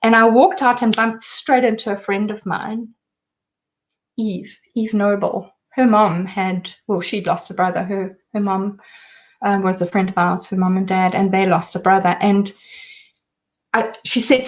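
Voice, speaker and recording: A middle-aged woman speaking as an interview guest, telling a personal story in an emotional, halting way with many restarts. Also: mid-range voice.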